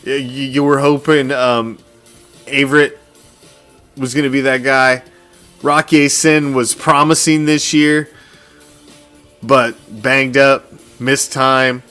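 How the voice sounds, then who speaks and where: A man's voice: mid-range voice, a bit bright. A man hosting a sports fan podcast, ranting in a profane, gloating way and laughing often. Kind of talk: fan reaction rant.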